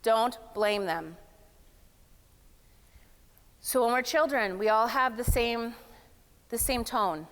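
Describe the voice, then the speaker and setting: A woman giving a lively, playful workshop talk at a summit, speaking casually to a live room. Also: fairly high pitch, slow, long pauses. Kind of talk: energetic motivational workshop talk. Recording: long hall reverb.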